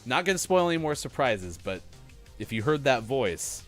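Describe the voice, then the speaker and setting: Lively male stream host. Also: mid-range voice, moderate pace, soft background music. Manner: upbeat announcer reading scores. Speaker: morning show co-host. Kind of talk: live-stream game commentary.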